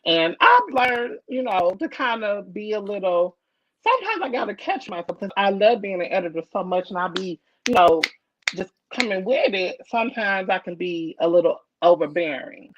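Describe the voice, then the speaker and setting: A woman's voice: medium pitch, normal speed. A woman, a comic editor, chatting casually on a video call and telling stories bluntly and emphatically. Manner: blunt, emphatic, animated storytelling. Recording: dull dry lo-fi call audio.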